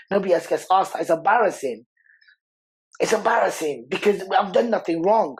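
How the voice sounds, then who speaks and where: A man's voice: high-pitched, animated, fairly quick, breathy edge, poor audio. A man, speaking as a podcast guest in a heartfelt interview, talking passionately and repeating words for emphasis. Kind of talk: emotional interview conversation.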